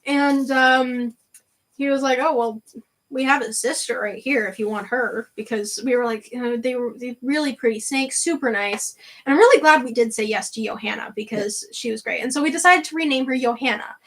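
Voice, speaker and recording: Chatty woman livestream host, high voice, laughs easily, loose fillers. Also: normal speed, fairly bright tone, rough recording. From Canada. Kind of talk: casual chat.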